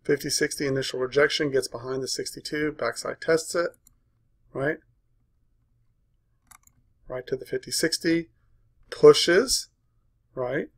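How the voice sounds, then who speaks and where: Gravelly man coaching a trading room. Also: mid-range voice. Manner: brisk, punchy, tags points with "right?"; walks through a chart aloud.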